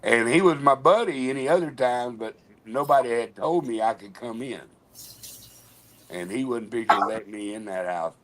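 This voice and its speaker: A man's voice: medium pitch, moderate pace, a bit bright, slight background noise. A man co-hosting a casual chat, telling rambling stories and swearing freely.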